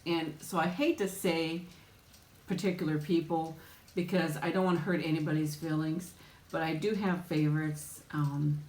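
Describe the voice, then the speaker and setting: A woman with a low, steady voice hosts a casual mukbang livestream at an ordinary pace, her sound roomy. She's chatty and warm, greeting viewers by name, with lots of ums and little laughs.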